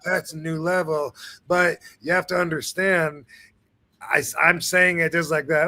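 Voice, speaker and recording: Chill guy hosting a live stream, bright voice, kinda high, lots of ums and restarts. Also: moderate pace. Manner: laid-back, rambling with many fillers and restarts. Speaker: show host. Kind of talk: casual live-stream chat.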